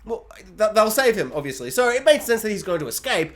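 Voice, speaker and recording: A man's voice: high voice, sing-song, a little fast. A man ranting sarcastically in a casual, rambling review. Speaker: video reviewer.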